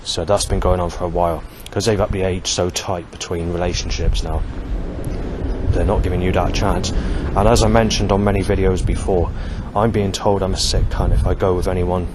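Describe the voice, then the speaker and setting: A man, talking in a halting, rambling monologue full of fillers and restarts as he reads from his notes. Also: low voice, little pitch movement. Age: 40s. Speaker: vlogger. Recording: loud outdoor traffic noise.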